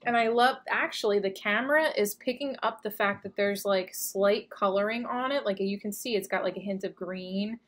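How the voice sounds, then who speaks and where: A woman's voice: mid-range voice, moderate pace, few pauses. A woman hosting a casual unboxing video, chatty and gushing, with lots of fillers as she looks over each item. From United States. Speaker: unboxing channel host.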